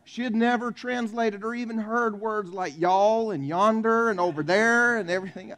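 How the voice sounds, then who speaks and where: High-voiced pastor, folksy. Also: male voice, normal speed, a bit bright. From South Carolina. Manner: conversational, folksy, jokes with the congregation. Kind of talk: Christmas Eve sermon. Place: church.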